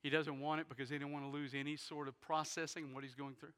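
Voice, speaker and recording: A man preaching a sermon, retelling a story dramatically and swinging from loud bursts to hushed near-whispers. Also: a little high, level tone, fast. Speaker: pastor. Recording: long hall reverb in a big sanctuary.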